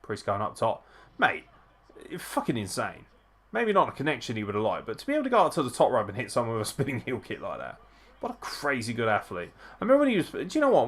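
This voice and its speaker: A man hosting a live wrestling watchalong, chatting casually, swearing and reacting excitedly to the action. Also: mid-range voice, quick pace.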